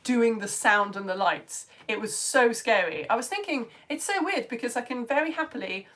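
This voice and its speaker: A woman with a fairly high voice reads out viewers' comments on a live lesson stream. She is bubbly and chatty and drops into whispered asides. Her throat sounds slightly strained. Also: lively intonation, normal speed, fairly bright tone. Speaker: online science teacher.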